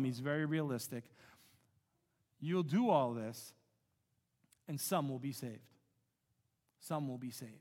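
A man preaching a sermon as pastor, earnest, often dropping to a hushed low voice for emphasis. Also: long reverb tail.

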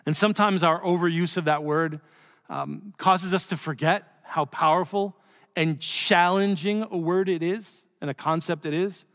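A male pastor giving a conversational sermon with joking asides, dropping his voice softly for emphasis. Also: high voice, moderate pace, big-room sound.

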